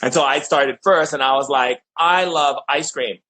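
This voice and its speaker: A man's voice: on the high side, normal speed, rough recording. A man in casual conversation, telling an anecdote and acting out the voices of the people in it. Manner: animated, acts out quoted voices in anecdotes. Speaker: shaman and host.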